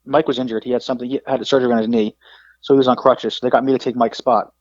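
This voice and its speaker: A man's voice: mid-range voice, racing, no room sound. A man in his forties, a podcast guest, telling stories casually and with energy, slipping into other people's voices as he retells them. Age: 40s. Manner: animated, acts out quoted people in a raised voice. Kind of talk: casual storytelling. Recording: dull lo-fi podcast audio.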